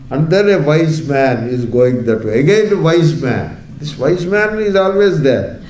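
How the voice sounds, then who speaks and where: A man's voice: fairly high pitch, lively intonation, unhurried, a little mellow. A man teaching a Vedanta class through a story, wry, with rhetorical questions and chuckles. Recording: echoey room, faint background noise.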